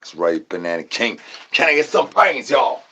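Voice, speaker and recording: A man riffs to his stream chat in a goofy, rambling voice full of rhyming nonsense and singsong repeats. He lurches from low, murmured asides to sudden loud shouts, never settling into one pitch. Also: sing-song, normal speed, slightly rough. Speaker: livestream host. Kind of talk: rambling comedic stream chatter.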